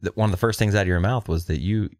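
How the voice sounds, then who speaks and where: A man hosting a podcast in a relaxed, rambling chat full of fillers. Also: on the low side, rapid-fire, no room sound, studio quality. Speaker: podcast host. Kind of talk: casual chat.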